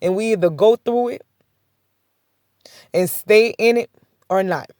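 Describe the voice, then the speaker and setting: A woman's voice: mid-range voice, unhurried, dark tone, no room sound, clean studio sound. Woman giving a chatty faith testimony. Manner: repetitive, conversational storytelling with many "I said" asides; chuckles between points. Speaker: faith vlogger. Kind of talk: casual spoken testimony.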